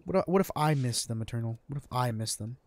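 A man's voice: mid-range voice, animated, a little fast, heavy background noise. A young man bantering with friends on voice chat while streaming an online party game. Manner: joking, bantering, repeats himself.

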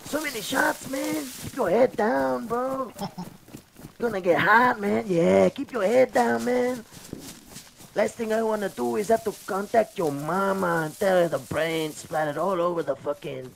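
A man playing a gruff tough-guy survivor in game roleplay, shouting orders and swearing, his throat sore from the put-on voice. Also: sits high, unhurried, a little hiss or hum. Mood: tense. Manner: shouting commands, swearing, says man constantly. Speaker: roleplay streamer.

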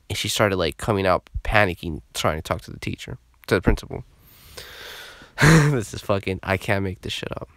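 A young man telling a story in a casual vlog, animated and heavy on swearing. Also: lowish voice, no room sound, studio quality.

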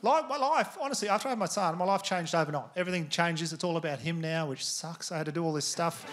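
A man's voice: a little high, fast talker, fairly bright tone. An Australian man in his thirties performing a stand-up comedy set, telling rambling stories full of swearing. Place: theatre stage with live audience.

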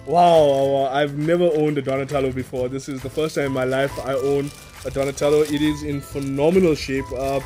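Excitable man unboxing outdoors. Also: medium pitch, brisk, soft background music. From South Africa. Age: 30s. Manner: excitable, gushing, repeats words, laughs often. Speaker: toy reviewer. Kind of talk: casual unboxing vlog. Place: outdoors in a yard.

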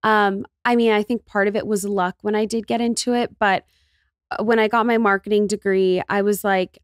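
A woman's voice: medium pitch, fairly even intonation, moderate pace, no room sound, studio quality. A young woman guest on a podcast, chatting casually and filling her talk with lots of "like". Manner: chatty, filler-heavy, lots of "like". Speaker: guest, trend forecaster.

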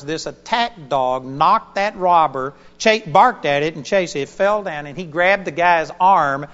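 A man with a high voice delivers a lively sermon, telling a personal story and chuckling as he goes. The recording is dull and lo-fi, and a long hall reverb trails his words. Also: moderate pace. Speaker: preacher.

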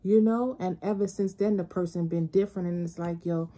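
A woman's voice: fairly low pitch, steady tone, fairly quick, mellow. A woman giving a casual spiritual tarot reading, talking bluntly and profanely in a loose, rambling way. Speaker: tarot reader.

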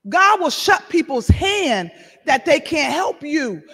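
A middle-aged woman pastor preaching a sermon and giving her testimony, animated, shouting and laughing between lines. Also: high-pitched, slow pace. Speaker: apostle and pastor. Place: church sanctuary. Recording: reverberant hall.

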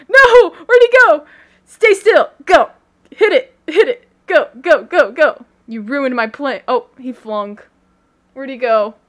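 A woman gaming streamer with a high, lively voice that swoops up and down as she reacts. She is excitable and giggly, breaking into yelps and shrieks as she talks over her headset mic. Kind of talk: live game commentary.

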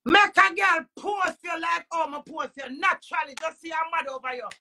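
A woman with a Jamaican accent ranting to camera as a social media personality, emphatic and preachy, swinging between loud outbursts and low muttering. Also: fairly quick, vocal fry, background noise.

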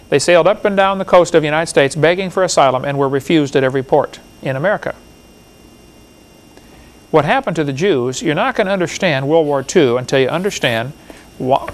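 A man giving a classroom lecture, reading book passages aloud in an impassioned, rambling way with a gravelly voice. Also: a little high, expressive, a little fast.

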